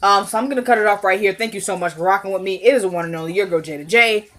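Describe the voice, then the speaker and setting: A woman's voice: medium pitch, very fast, a bit bright. A young woman giving a casual, chatty recap of a TV episode, laughing and talking straight to her viewers. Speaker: TV recap vlogger.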